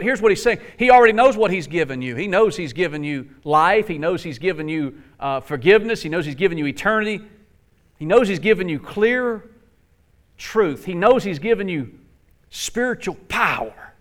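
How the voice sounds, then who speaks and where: A man preaching a sermon, swinging from quiet, low passages to impassioned, climbing outbursts. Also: expressive, normal speed. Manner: impassioned, rising to near-shouts, then dropping low.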